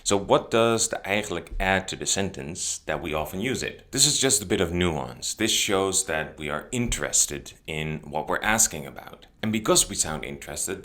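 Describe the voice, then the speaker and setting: Man, Dutch accent, very low voice, calm teacher explaining to camera. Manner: calm explanatory, acts out example sentences. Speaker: language teacher.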